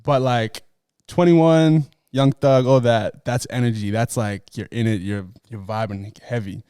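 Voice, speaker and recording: A man co-hosting a podcast, talking in a casual, animated, teasing way. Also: mid-range voice, unhurried, smooth, no echo, studio quality. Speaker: podcast co-host. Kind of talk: casual group chat.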